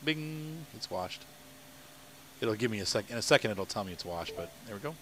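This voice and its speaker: A man's voice: fairly low pitch, fairly quick, fairly bright tone, slight background noise. A man from Ohio chatting casually on a live game stream, rambling and laughing often. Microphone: headset.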